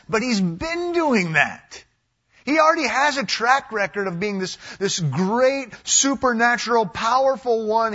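A pastor preaching a sermon, a man from the United States with a husky voice, swinging between loud emphatic passages and hushed, quiet ones. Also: sits high, dull audio.

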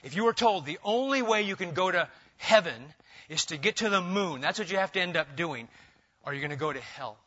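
Preacher, male, high and bright tone, animated delivery, muffled lo-fi sermon tape. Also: a little fast. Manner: animated preaching, swinging between loud emphasis and quiet asides. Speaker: pastor. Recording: dull, lo-fi sermon recording.

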